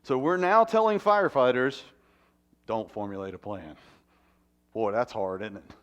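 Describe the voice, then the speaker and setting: A fire chief speaking to a conference audience, animated and asking the room questions. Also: male voice, mid-range voice, moderate pace, highs cut off. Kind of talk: conference talk. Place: conference hall.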